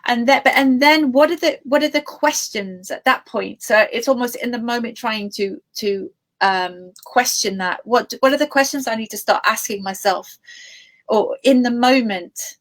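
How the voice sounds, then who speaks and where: A woman's voice: a little high, normal speed. Hesitant woman interviewer. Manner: hesitant, restarts and thinks aloud. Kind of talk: conversational interview.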